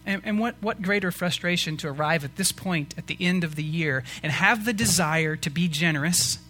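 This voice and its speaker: Bright-voiced man preaching a sermon. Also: fairly high pitch, moderate pace. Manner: earnest, rising to emphatic preaching with rhetorical questions. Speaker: pastor.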